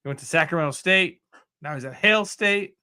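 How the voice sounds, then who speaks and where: A man's voice: fairly high pitch, brisk, pushed and bright, smooth. A man co-hosting a sports podcast, talking in a casual, sarcastic way. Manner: sarcastic, mocking quoted voices. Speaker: podcast co-host.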